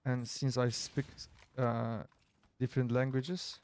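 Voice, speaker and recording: A man streaming a game and chatting casually in English, his second language, pausing often to search for words. His first language is Kurdish. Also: mid-range voice, level tone, darkish tone. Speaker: streamer playing with a teammate. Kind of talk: casual gaming chat.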